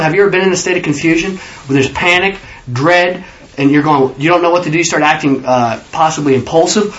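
A man's voice: high-pitched, quick pace, a bit bright, lo-fi sound. A man leading an informal Bible study, rambling through his points and acting out the figures he quotes. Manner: rambling, acts out scripture figures.

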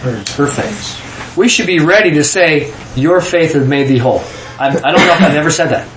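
A man giving an informal sermon full of stories, talking in animated bursts and often repeating words as he goes. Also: a little high, normal speed. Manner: animated, repeats words when excited, southern 'y'all'. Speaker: preacher. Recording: echoey room with faint background noise.

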